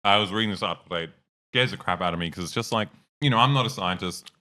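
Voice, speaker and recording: Give me a young man with a lowish voice, chatting bluntly and swearing as co-host. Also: fast, bright, forceful tone. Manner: swears freely, blunt and jokey. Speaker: podcast co-host. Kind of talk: casual chat.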